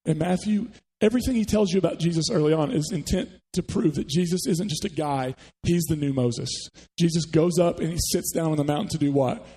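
A man's voice: fairly high pitch, fairly quick, few pauses, mellow, breathy edge, long reverb tail, rough recording. A man preaching a sermon to a church congregation, talking conversationally and putting questions to the listeners. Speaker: pastor. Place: church sanctuary.

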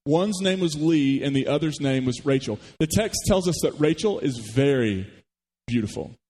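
A man preaching a sermon, retelling a story with animated rhetorical questions to the congregation. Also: fairly high pitch, moderate pace, in a large hall. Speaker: pastor. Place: church.

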